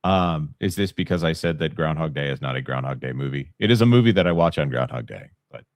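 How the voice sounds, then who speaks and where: A man's voice: fast, dry recording, studio quality. A man on a casual panel chat who talks in an easygoing way. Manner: easygoing, animated swings in pitch.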